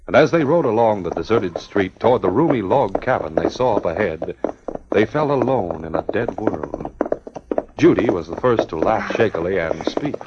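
Man, radio drama narrator, deep voice, measured delivery, dull 1950s broadcast sound. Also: background noise. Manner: measured, even storytelling. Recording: dull 1950 radio recording.

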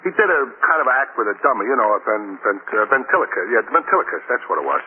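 A man's voice: medium pitch, big pitch swings, quick pace, slight background noise, close to an everyday voice. A man playing a clumsy, chatty cabbie. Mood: gossiping. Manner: rambling, clumsy, slangy, eager to please. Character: simple-minded, chatty male cab driver. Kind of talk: 1940s radio acting. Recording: tinny old radio broadcast with music.

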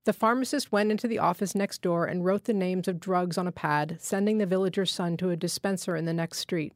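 A woman reading a literary short story aloud in a measured, steady way. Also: lowish voice, no room sound. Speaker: fiction reader.

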